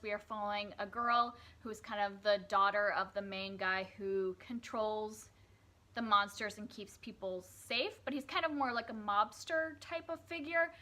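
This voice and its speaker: A woman's voice: medium pitch, pushed and bright. A young woman chatting casually as she reviews books she read, with lots of fillers and restarts. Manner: chatty, many fillers and self-corrections. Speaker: book reviewer. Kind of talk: casual book review vlog.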